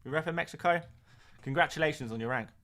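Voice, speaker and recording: A man's voice: on the high side, quick pace, sharp tone. A man streaming live, reading out viewer comments and chatting back in a casual, joking way with plenty of fillers. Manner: reads out viewer comments and chats back jokily; chatty, with frequent fillers and laughs. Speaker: fantasy football streamer.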